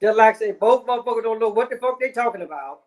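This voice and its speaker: A man's voice: extremely high pitch, lively intonation, fast. A man ranting in casual commentary, heavy on swearing and repeated fillers. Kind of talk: profane rant.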